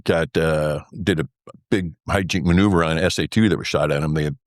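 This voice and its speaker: An older man with a low, deep voice tells a long story in an interview. He rambles and fills gaps with "uh" and "anyway", and acts out the lines other people said. The sound is dry and close. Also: fairly even intonation, a little fast, no room sound. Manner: rambling, full of fillers like "uh" and "anyway"; acts out remembered dialogue. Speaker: former military pilot telling his story as guest.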